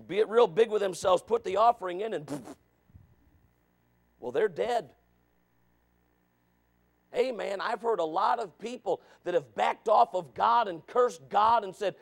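A man preaching a sermon, asking the congregation questions and calling for amens, dropping to low asides and rising to shouted points. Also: moderate pace, creaky. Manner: preaching with rhetorical questions and calls of amen.

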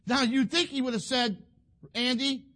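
A male preacher, giving a folksy sermon that builds to fervent shouting. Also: very high-pitched, steady tone, normal speed.

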